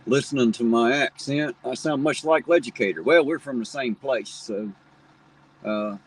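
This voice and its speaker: A middle-aged livestream host from the tri-state area where Ohio, Kentucky and West Virginia meet speaks with an Appalachian Ohio Valley accent and a slight Southern drawl. His mid-range, husky voice moves slowly with frequent pauses as he chats in a folksy, rambling way and reads viewer comments. The recording is rough.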